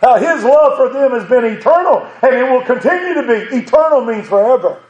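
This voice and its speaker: A male preacher with a drawl and a high, light voice delivers a sermon in an echoing sanctuary. He moves from tender and reflective to fervent and rousing, chuckling now and then. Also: animated, a little fast, a little mellow, muffled recording.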